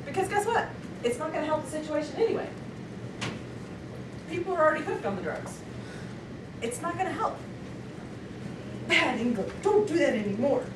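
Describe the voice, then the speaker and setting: A woman's voice: high voice, background noise. A woman teacher giving a chatty, playful lecture to her class, recorded from far off in an echoey classroom.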